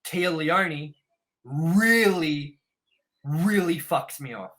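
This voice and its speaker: A young man trades opinions on a film with a co-host, reading trivia aloud in a blunt, animated way. His voice sits a little high and sounds bright. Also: drawn-out words, rough recording. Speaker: podcast co-host. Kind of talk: casual film review chat.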